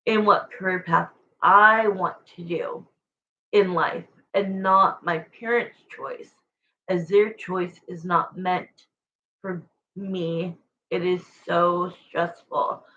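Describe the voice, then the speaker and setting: A woman's voice: lowish voice, fairly even intonation, slow pace, sharp tone, highs cut off. A woman giving a live tarot reading to viewers in a rambling, emotional, chatty way, searching for words as she goes. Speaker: tarot reader.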